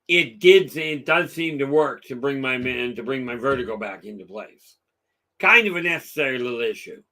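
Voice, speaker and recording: A man's voice: medium pitch, bright, forceful tone. A middle-aged man hosting a live stream, chatting casually with viewers and telling rambling stories full of fillers. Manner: rambling storyteller, lots of fillers.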